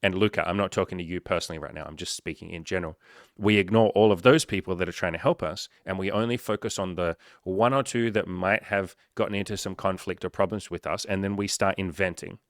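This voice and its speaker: A man's voice: low voice, quick pace, no room sound, studio quality. A man hosting a coaching talk who speaks bluntly and swears freely, acting out angry replies as he goes. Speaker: coaching podcast host. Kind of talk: candid advice talk, profane.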